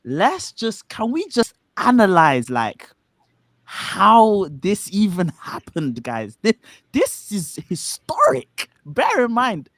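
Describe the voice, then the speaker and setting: A man's voice: high voice, takes it slowly, no room sound. A man from Nigeria, chatting casually on a stream, telling stories with lots of laughs and a lot of "bro". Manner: animated storytelling, laughs often, says bro a lot. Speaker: stream co-host. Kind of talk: casual chat.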